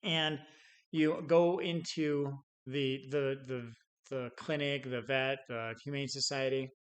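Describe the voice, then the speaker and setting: Speaking slowly in a medium-pitched, fairly even voice, this middle-aged man teaches sales without a script. His talk is full of stories with acted-out quotes and chuckles, and he often restarts phrases and repeats words.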